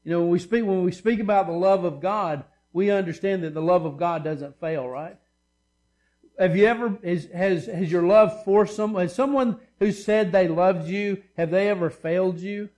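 A man's voice: sits high, normal speed, darkish tone. A man preaching a sermon as pastor, reading scripture and explaining it with emphatic repetition and casual asides.

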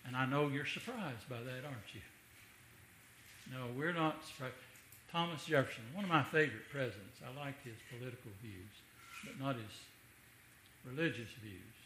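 A man's voice: mid-range voice, normal speed, bright, forceful tone, roomy sound, a little hiss or hum, low-quality recording. A man preaching a sermon in a conversational way, with rhetorical asides to the congregation.

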